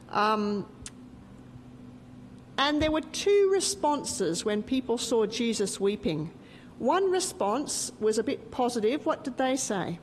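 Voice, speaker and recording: A woman's voice: a little high, a little slow. A middle-aged woman teaching a Bible lesson as a story and quizzing her group so they fill in the blanks. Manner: lively, asks the group questions and waits for answers. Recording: reverberant hall with faint background noise.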